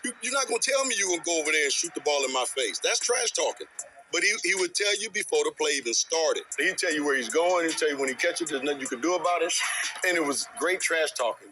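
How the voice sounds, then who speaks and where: A former basketball player in an interview, telling anecdotes in an animated way and acting out what others said. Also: male voice, fairly high pitch, fast, faint music behind, low-quality recording. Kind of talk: interview storytelling.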